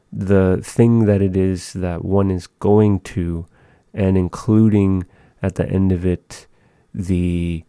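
Man, low dark voice, unhurried language teacher, dry close sound. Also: smooth, no echo. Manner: slow, measured, pausing often. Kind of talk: language lesson, thinking aloud.

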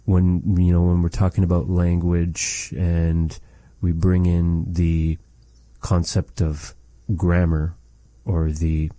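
Slow, deep-voiced man teaching. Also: completely flat delivery, warm tone, no room sound. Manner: thoughtful, hesitant, searches for words. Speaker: language teacher. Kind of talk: explaining language lesson.

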